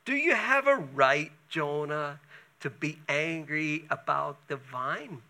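A man voicing a patient, questioning divine figure in a sermon, asking soft, slow questions. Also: on the high side, lively intonation, full character voice. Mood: gently questioning.

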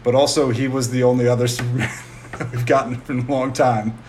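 A mid-pitched man talks casually on a podcast, laid-back and often brief. A faint hiss sits under his voice. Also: flat delivery, a little fast, darkish tone. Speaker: podcast co-host.

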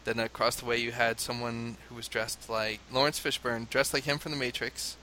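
An animated man from the United States tells a story with a bright, forceful voice. He laughs often and mimics crowd chants. A faint hiss sits under the recording. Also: mid-range voice, moderate pace. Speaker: father telling a story. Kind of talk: casual conversation, anecdote.

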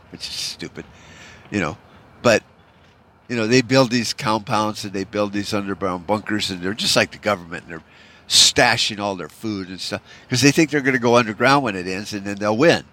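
On his solo podcast, a man delivers a rambling, profane rant, discouraged and bitter, packed with "you know." His voice sits on the low side at normal speed, bright and forceful.

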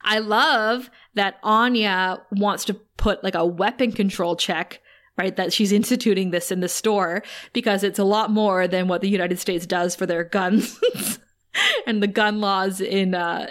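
A woman co-hosting a podcast in casual chat, retelling an episode with animated storytelling, acting out quotes and laughing often. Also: medium pitch, moderate pace. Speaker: podcast co-host.

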